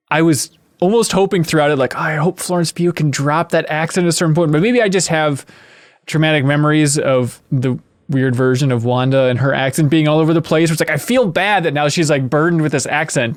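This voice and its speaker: Man, podcast host, fairly high voice, dry close mic, jokey chatter. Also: dry recording. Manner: jokey, chatty, quick asides. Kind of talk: casual podcast chat.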